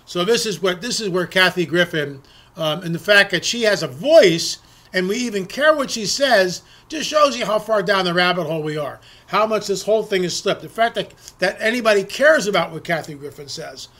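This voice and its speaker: A man's voice: high voice, expressive, brisk, pushed and bright. A middle-aged man delivering an indignant political opinion monologue, ranting and firing off rhetorical questions. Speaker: political commentator.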